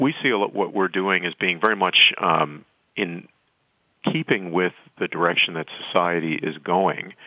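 A very low-pitched man speaks as an interview guest, measured and thoughtful, often restarting his sentences. The recording is dull and lo-fi, with a dry, close sound. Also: no room sound. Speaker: nonprofit chief executive, guest. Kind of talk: interview answers.

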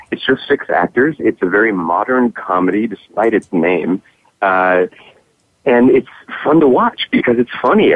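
A man's voice: low-pitched, no echo. A man being interviewed about his acting work, answering earnestly and at length with many fillers and restarts. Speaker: guest actor. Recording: dry, tinny phone-like line.

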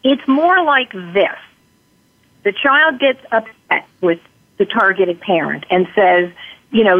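A woman's voice: mid-range voice, slow. A woman guest expert giving earnest explanatory answers in an interview, slipping into short quoted lines to illustrate her points. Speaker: guest expert on parental alienation. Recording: tinny phone line.

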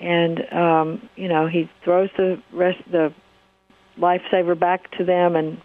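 Over phone-like, narrow audio, a woman with a lowish, level voice takes her time telling a story. She hosts a radio talk show and counsels, speaking in a relaxed, hesitant way full of fillers.

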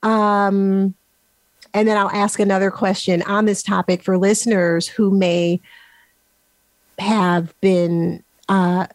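A woman hosting a podcast speaks with emphatic conviction, stressing key words as she recaps for her listeners. Her voice sits at a middling pitch and the recording is close and dry, with almost no room sound. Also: flat delivery, takes it slowly, dry recording. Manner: emphatic, recaps for listeners, addresses them as folks. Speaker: podcast host. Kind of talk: podcast interview.

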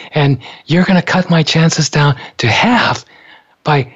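Husky older man telling a story. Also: mid-range voice, a little slow. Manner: laughing, animated, acts out quoted voices. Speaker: storyteller recounting his heart attack. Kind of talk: casual spoken storytelling. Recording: dull lo-fi recording.

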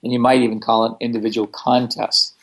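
A man speaking as an interview guest, telling stories in a blunt, animated way and swearing without a second thought. His voice sits at an ordinary pitch and everyday volume, plainly conversational. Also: brisk. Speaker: guest, founder of a self-help organization. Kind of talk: casual storytelling in conversation.

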